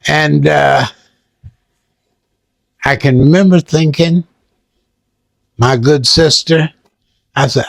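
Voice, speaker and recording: An older man telling stories in an interview, lively and acting out sounds and voices. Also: a little high, takes it slowly, creaky, pauses often, dry recording. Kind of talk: animated storytelling.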